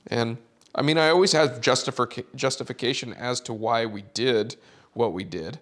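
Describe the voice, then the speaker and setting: Gravelly-voiced man telling a story. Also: medium pitch, moderate pace. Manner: animated storyteller, acts out quotes. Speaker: caddie. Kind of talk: storytelling on a podcast.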